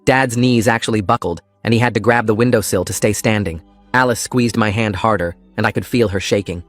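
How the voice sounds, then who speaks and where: A man narrating a first-person story in a calm, steady scripted style. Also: lowish voice, fairly quick, soft background music.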